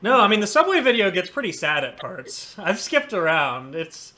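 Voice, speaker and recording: Bright-voiced self-deprecating male podcast host. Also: sits high, sing-song, moderate pace. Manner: self-deprecating, laughs often. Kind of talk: casual chat.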